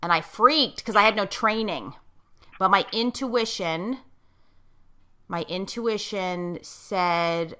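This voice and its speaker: A woman's voice: mid-range voice, takes it slowly, bright, forceful tone. A middle-aged woman in casual conversation, talking like a coach with emphasis and checking in with her listener, and getting choked up as she tells a personal story. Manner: gets choked up while telling a moving story.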